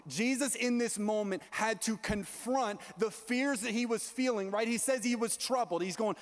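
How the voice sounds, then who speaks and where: High, earnest young man preaching in a hall. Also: moderate pace, hardly any pauses. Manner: earnest, animated preaching with frequent restarts. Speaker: youth pastor. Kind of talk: sermon.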